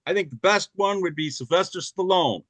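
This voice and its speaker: A stand-up comic from Chicago whose voice sits high and bright. He rattles off quick setups, recorded dry and close. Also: animated, no room sound. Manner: quick setups between impressions. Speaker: stand-up comedian. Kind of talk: stand-up impressions set.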